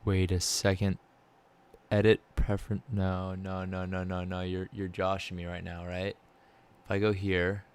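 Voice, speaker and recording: Young man, very low voice, casual commentary, exasperated, self-muttering. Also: completely flat delivery, a little slow, clean tone. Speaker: vlogger learning 3D software. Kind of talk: casual screen-recorded commentary.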